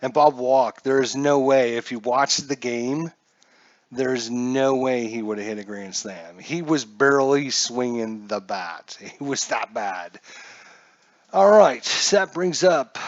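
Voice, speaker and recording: A man's voice: medium pitch, takes it slowly, no echo, muffled recording. A man calling a solo tabletop dice baseball game in a casual play-by-play, chatty and jokey, talking to himself as he checks his charts.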